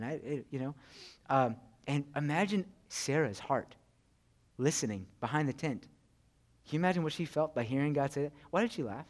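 Chatty, high-voiced male preacher. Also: normal speed, long pauses. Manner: chatty, frequent "right?" and "you know", animated. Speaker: pastor. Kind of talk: conversational sermon.

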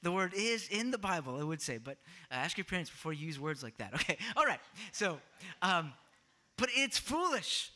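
Male pastor, sermon delivery, bright and high voice, questions the congregation, louder at key points. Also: lively intonation, a little fast. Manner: teaching, asks the congregation questions, swings louder for emphasis.

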